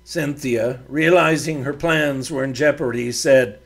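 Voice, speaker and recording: A man, the podcast host, narrating his own western story in a measured storybook manner. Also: mid-range voice, fairly even intonation. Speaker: podcast host and author reading his serial.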